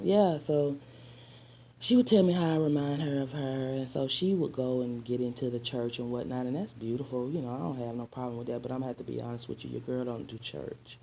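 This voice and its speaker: Here the sassy woman vlogger's dark, mellow voice rumbles low with vocal fry and a slightly rough edge. She tells her story casually and straight to the audience, calling them honey and child, mixing in spiritual preaching and the odd soft aside.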